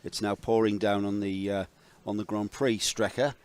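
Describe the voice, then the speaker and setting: A man leading live race commentary, steady and explanatory as he describes the action. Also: lowish voice, normal speed, smooth.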